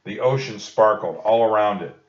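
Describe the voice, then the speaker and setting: The children's book is read by a man whose low voice moves unhurriedly and stays gentle and reassuring. An echoey room leaves the audio dull and muffled.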